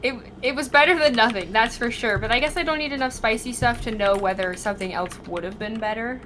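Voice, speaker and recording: A woman's voice: a little high, fast, fairly bright tone, slight background noise. A woman chatting casually and a little hesitantly. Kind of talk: casual chat.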